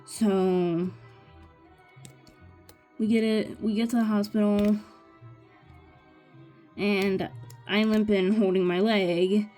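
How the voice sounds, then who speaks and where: Young female vlogger, unhurried rambling storyteller, light music bed. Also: mid-range voice, steady tone, mellow. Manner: chatty, rambling, restarts mid-sentence. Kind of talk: casual storytelling while crafting.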